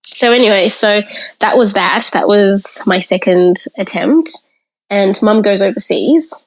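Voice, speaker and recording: Speaking at a measured pace with a medium pitch, this woman comes through on poor-quality audio. As a guest on a podcast, she shares her childhood story candidly, using the present tense throughout the conversation.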